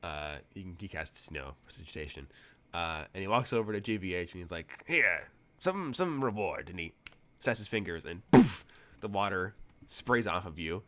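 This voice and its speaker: A man's voice: sits low, fairly quick, a little hiss or hum. A man narrating as game master of a tabletop game, loose and chatty with frequent laughs.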